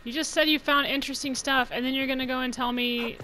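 Young woman, let's play commentary, chatty, giggly, higher pitch. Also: fairly even intonation, fast, pushed and bright, slight background noise, rough recording. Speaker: gaming channel host.

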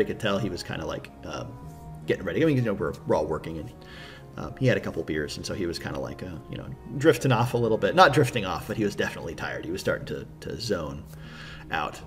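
A man acting as a game master, casually recapping his tabletop campaign with enthusiasm and rambling fillers. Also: fairly low pitch.

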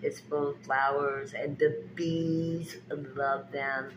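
A woman giving a slow, drawn-out spiritual pep talk and tarot reading. She talks straight to her viewers in an emphatic, preachy, folksy way and repeats her phrases. Steady background noise runs under her voice. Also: rumbling low, dull audio. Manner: folksy, direct address to viewers.

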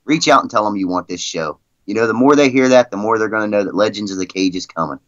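A man's voice: lowish voice, fast, fairly bright tone, no room sound, highs cut off. A man guest on a podcast, telling stories in a rambling, casual way with lots of "you know" and "I mean". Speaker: guest, league president. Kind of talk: casual storytelling in a podcast interview.

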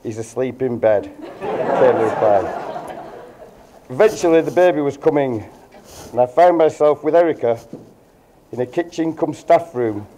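A man's voice: fairly high pitch, lively intonation, normal speed, pauses often, dark tone, a little hiss or hum. A middle-aged man giving a wedding toast as the groom's father, reading from notes with dry jokes. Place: wedding reception room.

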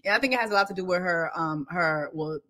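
A woman hosting a casual celebrity gossip show, talking loud and profane, laughing often and reading viewer comments aloud. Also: lowish voice, fast talker. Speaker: show host.

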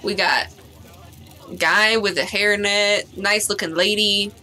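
A woman's voice: mid-range voice, fairly even intonation, takes it slowly, bright, forceful tone. A young woman streaming a story game, chatting, giggling often and reading the dialogue aloud.

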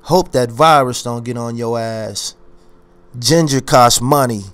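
A man's voice: medium pitch, a little slow, fairly bright tone, clean tone. A man ranting on his own commentary channel, boastful and confrontational, hammering his points by repeating phrases. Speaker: YouTube commentary host.

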